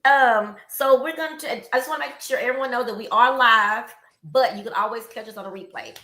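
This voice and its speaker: A woman's voice: on the high side, fairly quick, sharp tone, roomy sound. A woman hosting a live online interview, chatty and upbeat, with plenty of fillers. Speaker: host.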